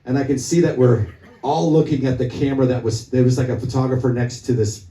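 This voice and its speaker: A male musician spins a loose, profane story between songs at a small club gig. His voice is dark and mellow and sits back from the mic. The room's echo rings around every word. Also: medium pitch, fairly even intonation, fast. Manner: profane, rambling anecdote told to the crowd. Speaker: musician on stage. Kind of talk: onstage storytelling at a live gig. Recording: echoey club, from a distance.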